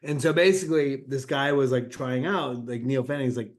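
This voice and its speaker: A middle-aged man telling stories in a casual interview, acting out quotes with lively shifts. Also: mid-range voice, normal speed. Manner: animated anecdote-telling with acted-out quotes. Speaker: interview guest, actor.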